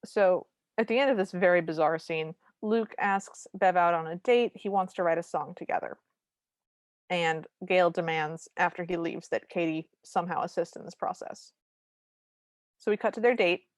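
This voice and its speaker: A woman's voice: lowish voice, normal speed, no room sound, clean studio sound. A woman co-hosting a podcast, recapping a movie in casual chat with wry, humorous asides. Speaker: podcast co-host.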